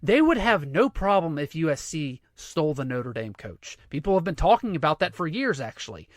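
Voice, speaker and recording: High-voiced man ranting sarcastically. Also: sing-song, moderate pace, dry recording. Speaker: sports commentary host. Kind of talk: sports rant monologue.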